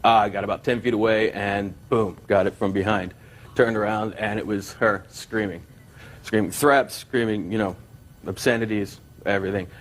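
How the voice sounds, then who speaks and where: A man, the plaintiff, testifies in a courtroom, telling a long, rambling story and acting out quotes with gusto. His voice is lowish and steady in tone, at a normal speed.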